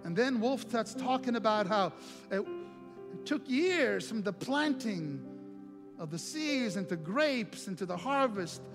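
A middle-aged male pastor telling a lively personal story in a sermon, acting out the other voices in it. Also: high-pitched, a little slow. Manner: animated storytelling with quoted voices. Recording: long reverb, faint music.

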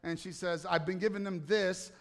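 A man preaching to an audience, telling a self-mocking personal story in an animated way with asides to the crowd. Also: sits high, moderate pace. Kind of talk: storytelling sermon. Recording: hall reverb.

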